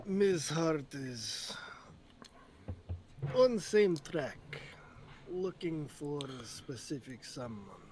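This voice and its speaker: A man voicing a hulking, menacing male crime boss who speaks in slow, clipped, broken English. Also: fairly high pitch, big pitch swings, a little mellow, slight background noise, full character voice. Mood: cold menacing.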